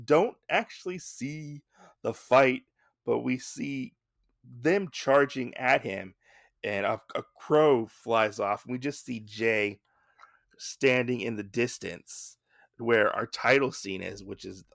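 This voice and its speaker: A man's voice: mid-range voice, creaky, a bit bright, dry recording, clean studio sound. A man hosting a podcast, recapping a comic in a rambling, casual way with lots of asides. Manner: rambling, with many fillers and asides. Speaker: podcast host.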